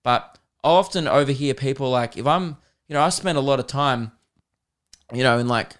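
An Australian man hosting a podcast, chatting casually and telling rambling stories with laughs and quick mimicry. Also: medium pitch, a bit bright, smooth. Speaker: podcast host and comedian. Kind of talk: casual chat.

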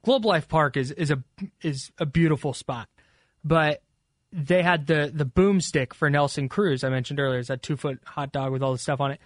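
Man, radio co-host, jokey and incredulous, slightly high voice, dry mic. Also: normal speed, no room sound. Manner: joking, incredulous. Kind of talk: sports radio banter.

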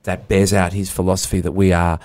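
A man's voice: low-pitched, level tone, brisk, darkish tone, no room sound. A middle-aged man co-hosting a casual arts podcast, wry and musing as he talks through a book. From Australia. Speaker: podcast co-host.

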